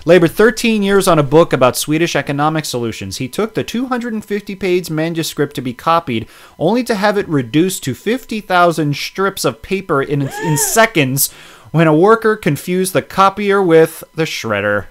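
A man co-hosting a comedy podcast, reading out crime stories with animated outrage, swearing and laughing. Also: on the high side, moderate pace. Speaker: podcast co-host. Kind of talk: casual comedic podcast chat.

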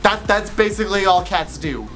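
A man's voice: high-pitched, animated, normal speed, a bit bright, soft background music. A young man playing a silly pet cat who meows and refuses the dares. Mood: playful. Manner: mock-earnest, meowing.

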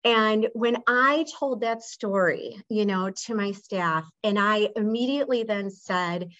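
A woman's voice: medium pitch, a little slow, fairly bright tone, lo-fi sound. A woman executive and interview guest, speaking earnestly and loosely in a conversational storytelling way, with many fillers and restarts over a video call.

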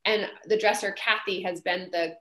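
Chatty woman in her thirties, animated storyteller, roomy sound. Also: medium pitch, moderate pace, a little hiss or hum. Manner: animated, chatty, acts out quoted voices, many fillers. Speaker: Broadway actress guest. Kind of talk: casual storytelling. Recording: roomy echo.

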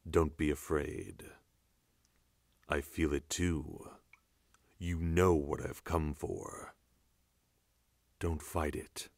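A man's voice: creaky, no echo, heavily acted. A man doing a brooding masked villain Kylo Ren. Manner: slow, low, menacing murmur. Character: brooding young masked male villain, cold. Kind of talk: voice impression test recording.

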